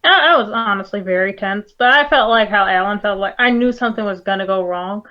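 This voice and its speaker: Animated woman on dull lo-fi audio. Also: medium pitch, a little fast. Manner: animated, swears a lot. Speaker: podcast co-host. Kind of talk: casual movie review chat.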